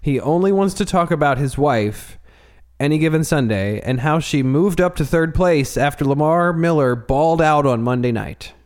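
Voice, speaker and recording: A man's voice: fairly high pitch, expressive, normal speed. A man hosting a fantasy football podcast, talking loosely and laughing often. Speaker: podcast host. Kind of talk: casual podcast chat.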